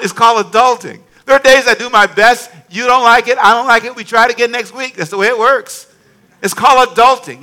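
A man preaching a lively sermon as a pastor, talking back and forth with his congregation. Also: very high-pitched.

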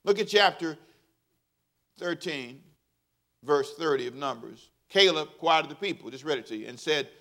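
A male pastor preaching a lively sermon, leading the congregation in call-and-response and acting out quotes from people. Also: a little high, moderate pace, pauses often.

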